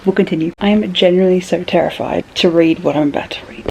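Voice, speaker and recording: Young woman, casual book vlogger, a touch of fry, flips from mumbles to squeals. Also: lowish voice, fast, hardly any pauses, rough recording. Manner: chatty, swears freely, swings between murmuring and excited squeals. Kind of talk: casual reading vlog chat. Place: bedroom.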